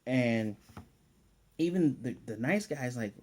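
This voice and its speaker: A man's voice: medium pitch, animated, moderate pace, dark tone. A man casually recapping an anime episode, acting out the characters' lines as he retells the scenes. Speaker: anime reviewer.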